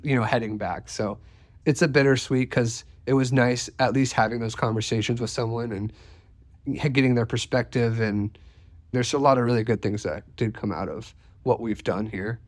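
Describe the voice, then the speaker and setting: A man co-hosting a family podcast, talking in a calm, thoughtful and slightly wistful way. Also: medium pitch, moderate pace, dry recording. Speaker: podcast co-host. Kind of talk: casual conversation.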